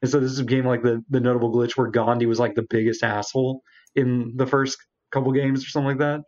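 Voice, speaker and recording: With a quick pace and a level, darkish mid-range voice, this man co-hosts a relaxed gaming podcast. He tells a long, meandering game story, voicing characters in quotes, and the recording is dull and lo-fi.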